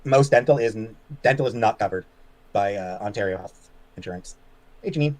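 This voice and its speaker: Fast-talking man, halting. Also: on the low side. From Canada. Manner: halting, many fillers, trails off quietly. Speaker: livestream guest. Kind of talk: casual chat reading viewer comments.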